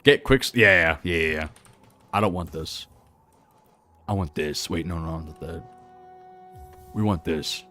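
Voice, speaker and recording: A man live-streaming a video game, animated, laughing and chatting with his viewers. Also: sits low, unhurried, long pauses, faint music behind. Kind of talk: live gameplay commentary.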